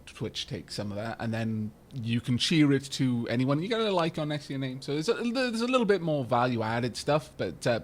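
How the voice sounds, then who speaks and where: Rambling, chatty male game streamer. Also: mid-range voice. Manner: rambling, chatty, jokey asides; stumbles over words and fills with "uh". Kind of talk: casual live-stream commentary.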